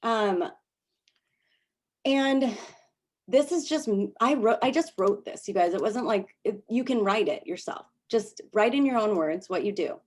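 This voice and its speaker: A woman's voice: medium pitch, expressive, a little slow. Chatty woman coaching on a call. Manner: chatty, laughing, many restarts. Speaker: workshop presenter. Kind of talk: casual coaching talk.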